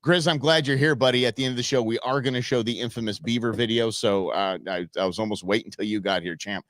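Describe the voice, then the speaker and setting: A man from the United States hosts a casual show and rambles through viral clips with plenty of fillers and chuckles. His voice sits at an ordinary pitch. The sound is close and dry, with no room around it. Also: quick pace, fairly bright tone, no echo. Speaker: show host. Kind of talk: casual commentary on viral videos.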